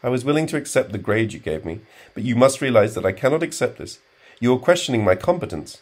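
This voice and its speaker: A man voicing an indignant, pompous male graduate student who speaks in a stiffly formal way and takes offense quickly. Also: medium pitch, sing-song, pitched above the performer's own voice. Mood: angry.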